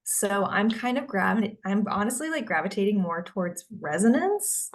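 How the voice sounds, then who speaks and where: A woman's voice: mid-range voice, sing-song, normal speed. A woman guest in a casual chat who rambles, packing her talk with filler words and restarts.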